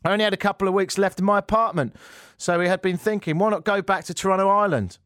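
A man voicing a gushing young newly engaged woman in a raised, excited voice. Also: sits high, quick pace, no echo, studio quality, voice pushed up. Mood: chatty.

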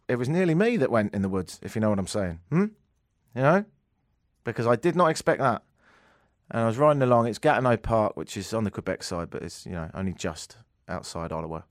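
A man's voice: fairly low pitch, lively intonation, fairly quick, dry recording, studio quality. A man with an English accent hosting a radio show, telling a rambling, self-mocking story in a casual, joking way. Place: radio studio.

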